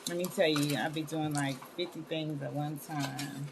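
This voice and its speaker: A woman's voice: low-pitched, moderate pace, creaky, few pauses, noisy background. A woman hosting a wellness live stream in casual chat, scattered and talkative, calling her viewers y'all. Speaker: wellness show host.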